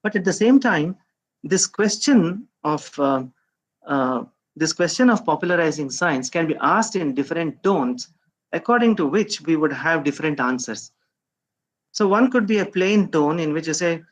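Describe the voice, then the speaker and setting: A man's voice: fairly high pitch, poor audio. A middle-aged man gives a conference talk, thinking aloud with many hesitations and rhetorical questions. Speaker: speaker at a science outreach event.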